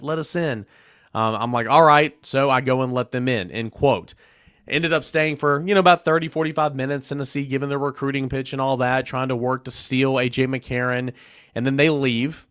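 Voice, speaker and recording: A man hosting a sports podcast, retelling a recruiting story in an animated way and acting out the quotes. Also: mid-range voice, no echo, clean studio sound. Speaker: podcast host. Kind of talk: casual sports podcast monologue.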